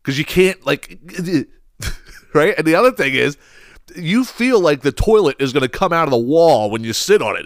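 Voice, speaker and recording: Profane, animated man ranting. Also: a little high, normal speed, no room sound, studio quality. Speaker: podcast host. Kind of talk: casual comedic storytelling.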